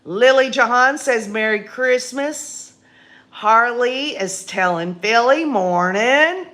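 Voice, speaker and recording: An older woman with a raspy voice and a drawl hosts a laid-back live stream, reading out viewer comments. She talks at an unhurried, easygoing pace in a folksy, chatty manner. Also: on the high side, fairly bright tone. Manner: slow, folksy and chatty, laughing often.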